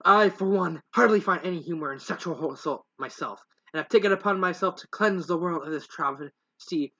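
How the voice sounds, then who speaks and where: A man's voice: high-pitched, fairly quick, sharp tone, highs cut off, heavily acted. A man reading the lines of a prim, self-righteous female pony crusader in a haughty, dramatic way, a little above his own voice. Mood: prim, indignant.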